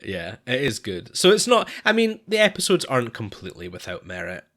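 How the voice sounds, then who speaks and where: A man's voice: mid-range voice, wildly swooping pitch, a little fast, a bit bright. A man co-hosting a podcast in casual chat, talking hesitantly with frequent restarts and sighs. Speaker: podcast co-host.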